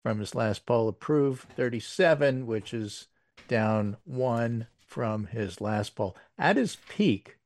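A man's voice: mid-range voice, expressive, takes it slowly, darkish tone, no room sound. Male talk host, casual commentary, wry dry delivery, close dead mic. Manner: wry, dry asides with fillers. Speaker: political podcast host. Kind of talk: casual political commentary, reading poll numbers.

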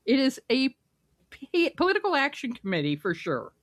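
A woman co-hosts a political podcast in a wry, amused tone and laughs often. Her pitch sits fairly high and moves around a lot. The sound is dry and close. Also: wildly swooping pitch, moderate pace, no room sound. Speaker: podcast co-host. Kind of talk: casual political chat.

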